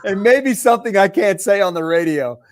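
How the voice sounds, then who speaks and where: A man hosting a casual sports radio talk show, upbeat and teasing with quick asides. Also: high-pitched, animated. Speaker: radio play-by-play voice and show host.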